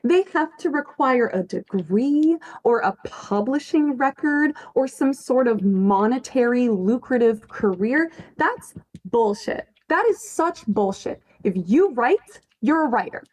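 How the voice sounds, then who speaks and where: A woman's voice: fairly high pitch, animated, measured pace, darkish tone. A woman chatting casually on a livestream, emphatic, swearing freely and laughing often as she answers her chat. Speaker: fanfiction writer on a livestream.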